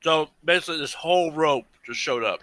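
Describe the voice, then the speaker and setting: A man playing a tabletop game, brash and excitable, swearing freely. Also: on the high side, fairly quick, no echo. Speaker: player. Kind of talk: casual tabletop chat.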